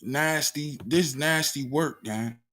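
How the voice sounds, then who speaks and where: A man's voice: a little high, slow, sharp tone. A man hosting a live reaction stream, talking emphatically and repeating himself to his viewers. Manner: emphatic, repeats himself, calls listeners "gang"; heated and accusing at times.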